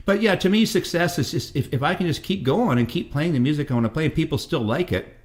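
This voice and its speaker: In a casual interview, a guest musician from Canada, a man in his fifties, tells meandering stories and swears without restraint. He speaks fast, with a fairly high pitch and lively intonation.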